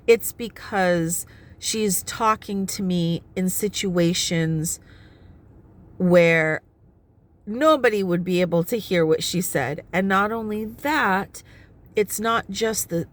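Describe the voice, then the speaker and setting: A middle-aged woman vlogging casually from her car, chatty and often laughing as she explains at length. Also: mid-range voice. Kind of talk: casual talking-head vlog. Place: inside her parked car. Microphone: phone propped on the steering wheel.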